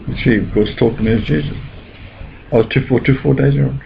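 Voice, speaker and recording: This man's mid-range voice is gravelly and brisk as he rambles insistently through a casual chat, voicing religious claims. Faint noise sits under the dull, lo-fi audio.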